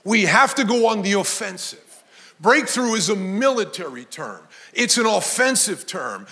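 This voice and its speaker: Male pastor with a high voice, preaching with emphatic build-ups. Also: big pitch swings, normal speed. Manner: storytelling preacher, emphatic, rising to shouts. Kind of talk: sermon.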